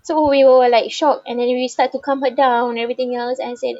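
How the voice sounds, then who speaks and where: A woman tells an emotional personal story, halting and heartfelt, with many repeated fillers. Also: high-pitched, flat delivery, dark tone, dry recording. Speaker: bereaved daughter sharing a personal story. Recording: slightly dull, dry recording.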